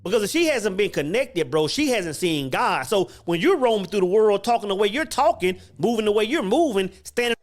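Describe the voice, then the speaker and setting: A man's voice: sits high, very animated, fairly quick, hardly any pauses. A man talking as a guest in a casual podcast conversation, earnest and lecturing, often repeating words as he goes.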